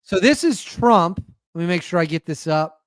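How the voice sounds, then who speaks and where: A podcast host with a high-pitched, expressive voice talks at normal speed on his own show, recorded with clean studio sound and no echo. His casual commentary is rambling and sarcastic, and he often stops himself mid-sentence.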